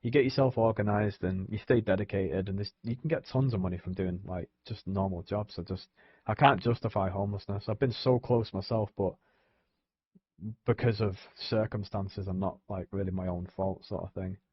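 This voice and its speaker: A man's voice: on the low side, fairly even intonation, normal speed, slightly rough, no echo, highs cut off. A young man, rambling casually on a live stream, swearing often and filling gaps with "you know what I mean". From England.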